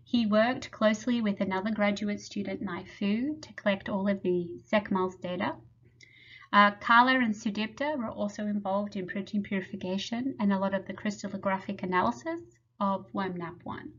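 Woman lab head, measured explanatory webinar talk, mid-pitched, slightly muffled audio. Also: a bit bright. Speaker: lab head presenting research. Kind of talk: prepared webinar presentation.

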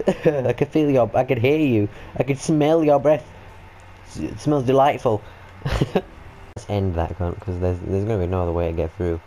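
Excitable British man narrating gameplay. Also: medium pitch, a little slow, a little hiss or hum, low-quality recording. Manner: excitable, sweary, jokey. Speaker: gaming video host. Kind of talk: let's-play commentary.

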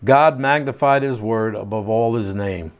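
A man's voice: on the low side, unhurried. An older man teaching a home Bible study, reading scripture aloud and then explaining it in plain, casual asides.

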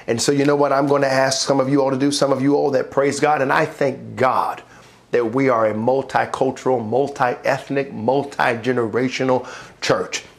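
Animated male pastor preaching. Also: medium pitch. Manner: animated, acts out voices in his stories, laughs often; builds to rousing praise. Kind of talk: sermon with personal storytelling. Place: church online worship service.

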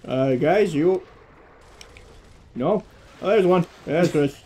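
A man's voice: a little high, expressive, slow, mellow. A young man chatting casually while playing a video game, joking, swearing and laughing a lot. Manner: laughs often, jokey, swears. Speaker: gamer. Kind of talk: casual gaming chat.

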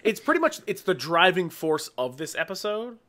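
An easygoing man talks through a TV episode in loose, casual chat, his voice sitting a little higher than most men's. He laughs easily and slips into quick little voices to act out lines from the scenes. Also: sing-song, sharp tone. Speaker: podcast co-host.

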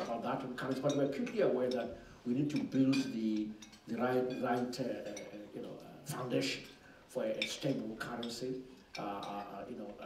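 A man's voice: mid-range voice, darkish tone. A man speaks frankly and emphatically, stumbling over repeated words as he builds his point. He is picked up from a distance in an echoing conference room. A faint hiss sits under his voice. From Zimbabwe. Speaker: finance minister. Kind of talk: answering questions at an investor forum.

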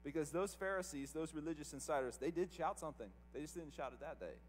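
High-voiced man preaching in a reverberant church. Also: lively intonation, fast, a little hiss or hum. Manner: emphatic, rhetorical questions to the congregation. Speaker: pastor. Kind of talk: sermon. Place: church service.

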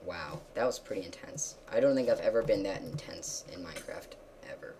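A woman giving casual gameplay commentary, excitable, jumping from loud yelps to quiet mutters. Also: extremely low pitch, fairly quick, slight background noise. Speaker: gamer.

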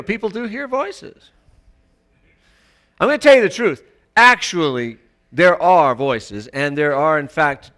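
A man preaching a sermon in a church, emphatic and rising to loud exclamations. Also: high voice. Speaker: pastor.

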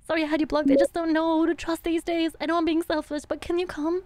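A woman's voice: very high voice, level tone, fast talker, darkish tone, no echo. A young woman streamer giving playful, bubbly live gameplay commentary and humming little sound effects. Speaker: VTuber streamer.

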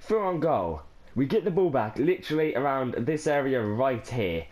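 A man's voice: medium pitch, very animated, moderate pace, darkish tone. A young Irish man in his teens talking to camera in a casual vlog, overwhelmed and rambling, with restarts and sighs. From Ireland. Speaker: gaming vlogger.

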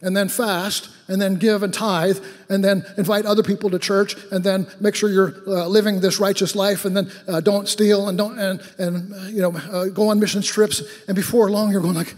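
A man's voice: high voice, level tone, normal speed, hardly any pauses. A male pastor preaching a sermon in a church, talking like he is telling a story and then pressing his point with fervor. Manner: conversational storytelling that rises to fervent exhortation. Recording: long hall reverb.

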